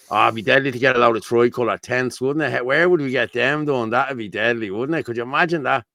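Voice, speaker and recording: A man's voice: mid-range voice, brisk, gravelly, hardly any pauses, pushed and bright, no echo. A man with a Dublin accent hosting a casual livestream, talking bluntly and reading out viewer comments. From Ireland. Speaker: host.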